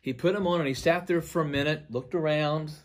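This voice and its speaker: A man, a pastor, earnestly recounting a dream to viewers. He swings from emphatic to near-hushed. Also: a little high, brisk.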